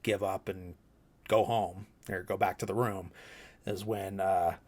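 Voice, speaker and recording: Rambling, swearing man, lowish voice. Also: steady tone, a little slow, a little mellow. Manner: rambling, loose, swears freely, heavy "like" and "you know". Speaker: podcast co-host. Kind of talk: casual movie recap.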